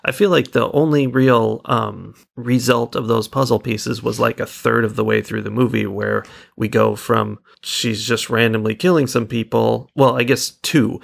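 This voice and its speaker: A man co-hosting a podcast, talking about a movie in a relaxed, wry way. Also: medium pitch, moderate pace, vocal fry, hardly any pauses. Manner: relaxed, wry, laughs often. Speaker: podcast co-host. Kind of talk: casual movie discussion.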